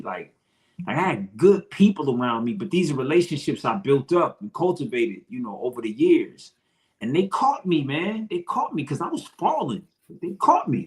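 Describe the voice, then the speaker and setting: A man from Detroit, a podcast guest, talking earnestly and repeating his phrases. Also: medium pitch. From Detroit, Michigan. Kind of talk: emotional interview talk.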